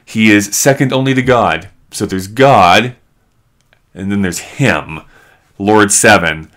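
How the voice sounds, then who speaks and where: A man hosting a live stream, telling a story in an animated, chatty way full of "like". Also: on the low side, takes it slowly. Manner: animated, chatty, heavy use of "like".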